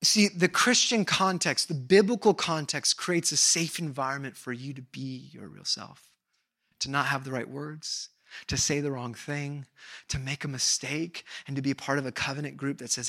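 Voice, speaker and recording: Male pastor preaching, bright voice, gets loud then drops real quiet, plays out little conversations. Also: mid-range voice, normal speed. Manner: animated, acts out dialogue, swings between loud and hushed. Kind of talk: sermon.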